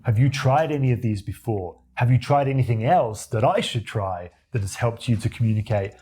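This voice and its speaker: A man with a deep voice coaches the viewer on speaking with confidence. His tone is dark and mellow with a slightly husky edge. He talks straight to camera and acts out his own examples as he goes. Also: expressive, normal speed. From Australia. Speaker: communication coach. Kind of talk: talking-head tutorial to camera.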